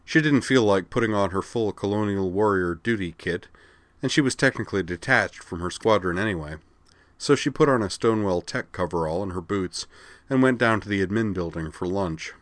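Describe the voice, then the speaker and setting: A man narrating an audiobook in a steady, even reading. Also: on the low side, a little fast, no echo.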